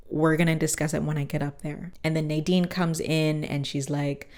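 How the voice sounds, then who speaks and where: A woman's voice: low voice, flat delivery, moderate pace, a little mellow. A woman hosting her show, casually retelling a cartoon episode and acting out the characters' lines in put-on voices. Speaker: podcast host.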